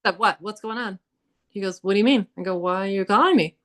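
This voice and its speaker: A woman telling ghost stories as a podcast guest, animated and chatty, acting out quotes with frequent laughs. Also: mid-range voice, fast talker. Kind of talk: casual storytelling about hauntings.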